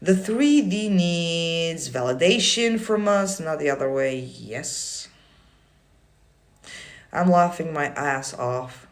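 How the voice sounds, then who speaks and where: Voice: medium pitch, expressive, takes it slowly. A manifestation coach on a casual livestream, reading viewer comments aloud and answering them in a blunt, swearing, teasing way.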